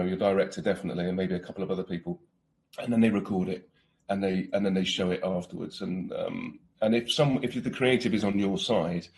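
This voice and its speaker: A man's voice: lowish voice, a little mellow. A British man in his forties, an actor chatting casually in an interview, laughing often and restarting his sentences.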